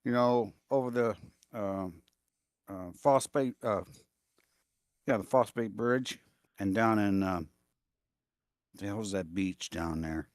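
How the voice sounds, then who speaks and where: A man's voice: on the low side, slow, pauses often, no echo. A man chatting casually, rambling with hesitations as he tells old stories. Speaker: guest chatting. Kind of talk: casual chat.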